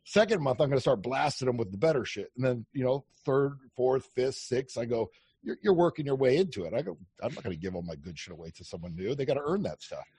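A man chatting casually as a podcast guest, telling animated stories, acting out quoted lines and swearing freely. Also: medium pitch, fast, husky, no room sound. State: on day four of a fast. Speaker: podcast guest, dating coach. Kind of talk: casual chat.

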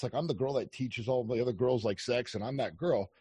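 A man chatting casually as a podcast guest, telling animated stories, acting out quoted lines and swearing freely. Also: medium pitch, brisk, slightly rough. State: on day four of a fast. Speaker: podcast guest, dating coach. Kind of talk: casual chat.

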